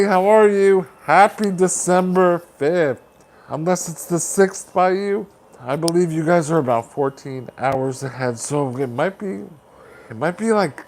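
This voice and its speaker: A man hosting a livestream, chatting casually and upbeat as he reads out viewer comments and rallies support. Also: on the high side. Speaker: livestream host.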